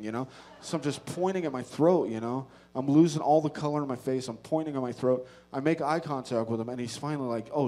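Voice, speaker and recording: Profane, animated stand-up comedian man. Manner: animated, profane, swings between loud outbursts and low asides. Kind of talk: stand-up storytelling. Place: comedy stage before a live audience.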